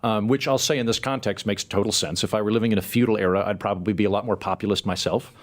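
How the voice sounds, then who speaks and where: A man hosting a podcast, chatting casually in a quick, self-deprecating way. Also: on the low side, steady tone. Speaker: podcast host. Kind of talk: casual conversation.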